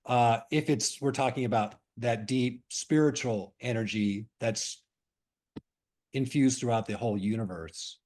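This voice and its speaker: A middle-aged man from Hawaii shares a story and a spiritual reflection at a gentle, measured pace. He often pauses, restarts and fills gaps with soft "um"s as he thinks aloud. His voice sits at an ordinary middle pitch for a man. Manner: thoughtful, unhurried, with many pauses and fillers. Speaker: spiritual discussion leader.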